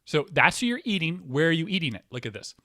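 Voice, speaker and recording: A man's voice: a little high, sing-song, fast talker, bright, forceful tone, dry recording. Hyper rambling man, dry close mic. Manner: rambling, swearing, lots of fillers and restarts. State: hyper, excitable. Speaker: podcast host. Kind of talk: rambling casual chat.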